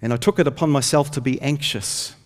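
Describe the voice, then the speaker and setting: A man's voice: medium pitch, a little fast. A man preaching a sermon, telling stories earnestly and lifting his voice when he reads scripture. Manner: earnest storytelling, rises when reading scripture. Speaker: pastor. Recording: long hall reverb.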